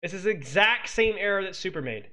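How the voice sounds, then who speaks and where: A man analyzing a match replay as a coach, quick to exclaim and talking straight to viewers. His voice sits high and bright, with wide swings in pitch. He sounds energetic and pointed. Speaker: esports coach. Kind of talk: game replay analysis commentary.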